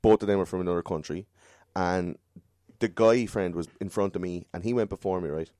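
Male podcaster, very low mellow voice, swears, rambles through stories. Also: brisk, no room sound, clean studio sound. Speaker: podcast host. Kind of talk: casual storytelling chat.

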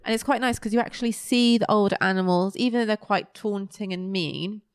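A woman's voice: mid-range voice, brisk, smooth, dry recording, studio quality. Chatty woman co-host. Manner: chatty, retells scenes with quoted voices. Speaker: podcast co-host. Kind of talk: casual chat reviewing a kids' show.

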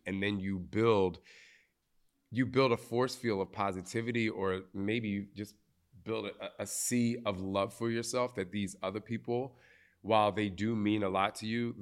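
A man's voice: lowish voice, a bit bright. A man with a New Jersey accent hosting a live podcast, talking bluntly and animatedly and swearing freely. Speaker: podcast host. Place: live recording at a retreat.

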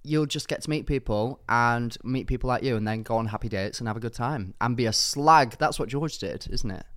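A man's voice: mid-range voice, fairly quick, fairly bright tone. A man co-hosting a podcast, chatting in a camp, playful, jokey way. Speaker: podcast co-host. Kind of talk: casual chat.

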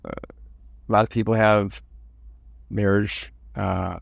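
A man from Cleveland hosting a podcast interview, asking questions and telling his own stories in a chatty, animated way. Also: fairly low pitch, slow pace, gravelly, no room sound. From Cleveland, USA. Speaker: podcast host. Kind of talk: interview with personal anecdotes.

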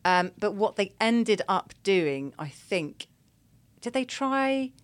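A woman's voice: mid-range voice, takes it slowly. Laughing woman telling a story. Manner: animated storyteller, laughs often, acts out quotes. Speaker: podcast guest telling her birth story. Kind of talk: casual chat.

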